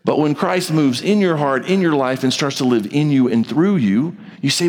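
A male pastor preaches in a hall with a long reverb tail. He talks in a conversational way, plays out imagined back-and-forth exchanges, and swings from hushed low passages to raised, urgent highs. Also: a little slow. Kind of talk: sermon.

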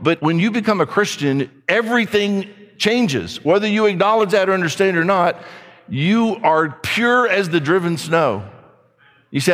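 A man preaching an earnest sermon, slowing down when he reads scripture aloud. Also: fairly high pitch, expressive, fairly bright tone. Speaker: pastor. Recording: long hall reverb.

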